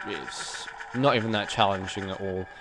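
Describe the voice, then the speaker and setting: A man with a fairly low voice talks through his gameplay in a loose, rambling way, chuckling as he goes. His nose sounds stuffy. Game music plays clearly behind him. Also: steady tone, moderate pace, poor audio. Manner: chatty, rambling, chuckles often. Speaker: let's play gamer. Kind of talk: casual gameplay commentary.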